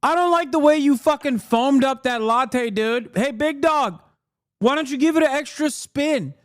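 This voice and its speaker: A man's voice: normal speed, no echo, studio quality. A man mimicking a snooty nitpicking customer. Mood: mocking. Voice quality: high mocking put-on voice. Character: nitpicking entitled busybody customer, adult, snooty.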